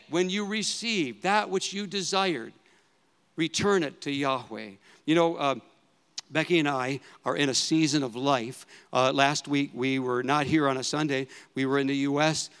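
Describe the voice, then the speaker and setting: A man's voice: medium pitch, moderate pace, fairly bright tone, smooth. A man in his fifties preaching a sermon in a conversational way, repeating phrases for emphasis. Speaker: pastor. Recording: long hall reverb.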